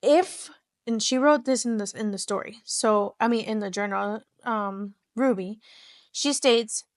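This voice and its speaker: A woman's voice: on the high side, moderate pace, dry recording, studio quality. A woman hosting a podcast, retelling a true-crime case in casual chat, rambling with lots of restarts and fillers. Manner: chatty, rambling, full of "like" and restarts. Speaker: podcast host.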